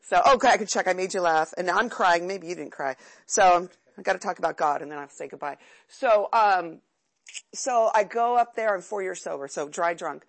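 A Californian woman in her fifties shares a candid, chatty, self-mocking personal testimony at a recovery meeting. Her lowish voice moves briskly and carries vocal fry.

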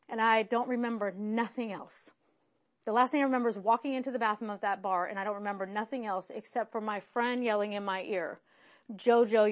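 A woman in her thirties, from West Virginia, telling her own recovery story in a frank, rambling, self-deprecating way. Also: a little high. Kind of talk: candid personal testimony.

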